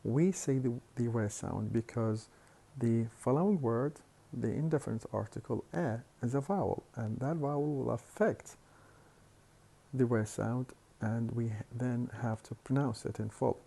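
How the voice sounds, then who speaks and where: Slow, gravelly-voiced male lecturer. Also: mid-range voice, mellow. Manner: slow, deliberate explaining with hesitant fillers and repeated words. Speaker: phonetics lecturer. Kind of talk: recorded university lecture.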